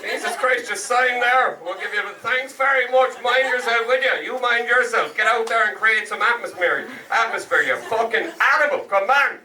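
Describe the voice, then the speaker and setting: A man's voice: very high-pitched, normal speed, few pauses, sharp tone, recorded from a distance, voice pushed up, exaggerated voice. A man putting on a chirpy Irish post office clerk. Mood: cheery. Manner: cheery, sweary banter. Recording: echoey club, mic heard from afar, noisy.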